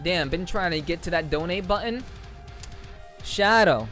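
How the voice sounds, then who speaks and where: A man with a high, light voice talks loosely to his stream chat, cursing freely and circling back over the same words. Faint music plays softly behind him. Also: expressive, a little slow. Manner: profane, rambling, laughing, repeats himself. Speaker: livestreamer reading chat. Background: faint background music.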